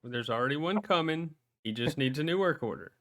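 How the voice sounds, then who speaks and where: A man's voice: fairly high pitch, animated, a little fast, fairly bright tone. A man co-hosting a casual podcast, dropping short dry comments and laughing along with the story. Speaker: podcast co-host. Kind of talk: casual chat.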